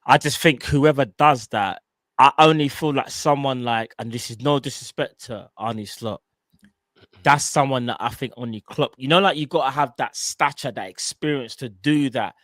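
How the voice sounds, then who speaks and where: A man hosting a casual football podcast, talking in animated, slangy banter and laughing often. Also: mid-range voice, moderate pace, no echo, clean studio sound. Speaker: host.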